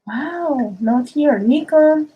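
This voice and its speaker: A woman's voice: high voice, expressive, drawn-out words, phone-quality sound. A woman teaching English in an online class over a video call, explaining grammar affectionately and calling students dears. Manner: affectionate, calls students dears and babies, mixes in Spanish.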